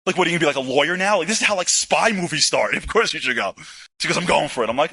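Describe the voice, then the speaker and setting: A fast-talking man telling an animated story, his voice bright and forceful. He plays out every exchange, dropping into hushed asides and then shouting the excited lines, and his speech is full of "like" and "you know." The sound is dry and close, with hardly any room on it. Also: on the high side, dry recording. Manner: acts out dialogue, jumping between hushed asides and excited shouting; conversational, with frequent "like" and "you know". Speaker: inspirational speaker.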